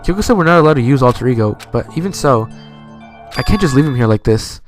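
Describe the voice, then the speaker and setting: A man playing a visual novel, reading its text aloud in a casual way and breaking off for his own quick reactions. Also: mid-range voice, lively intonation, soft background music. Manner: casual, reacts with swearing and laughs. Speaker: let's play gamer. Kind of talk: reading game dialogue aloud with casual commentary.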